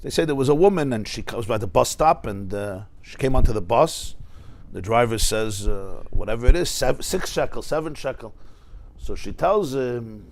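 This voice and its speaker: A man teaching a class as a rabbi, telling anecdotes and often shouting the punchlines. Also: medium pitch, animated, moderate pace, vocal fry. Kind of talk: lively classroom lecture with anecdotes.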